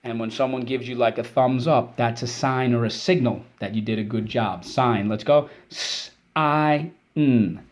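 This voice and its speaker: Using fairly even intonation, a man with a medium-pitched, darkish voice leads a children's spelling and vocabulary lesson. He patiently explains each word, then runs call-and-response drills, praising the kids briefly along the way.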